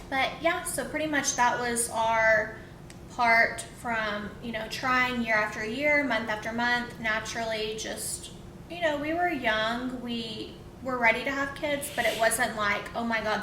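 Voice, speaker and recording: A young woman vlogger tells a personal story casually, rambling and emotional, with many fillers. The recording has a roomy echo and a faint rumble.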